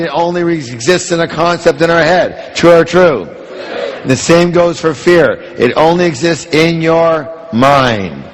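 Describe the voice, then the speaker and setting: A man giving a motivational seminar talk in a large hall, driving the audience with call-and-response questions. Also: on the high side. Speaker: motivational speaker.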